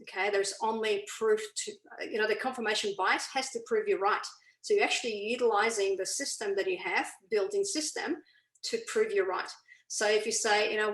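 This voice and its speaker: A woman's voice: medium pitch, moderate pace, a bit bright. A woman explaining ideas on a video call as a guest coach, who keeps checking in with "okay?". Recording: roomy echo.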